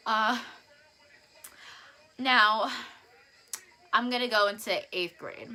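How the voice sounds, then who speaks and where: A teenage girl telling a storytime vlog to a phone camera, chatty and animated, with restarts and giggles. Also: on the high side, slow pace. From northern Virginia, US. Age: teens. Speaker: vlogger.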